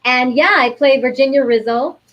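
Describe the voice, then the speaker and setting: A woman's voice: sits high, moderate pace, dull audio, soft background music. A woman from New York, an actress, chatting upbeat as an interview guest. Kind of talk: casual interview talk.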